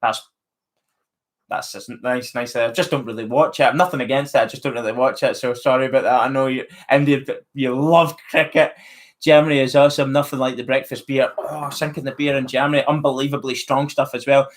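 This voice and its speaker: Speaking a little fast in a steady, mid-range voice, a chatty man from Northern Ireland hosts a live stream. He keeps things casual and friendly as he reads comments and names viewers aloud.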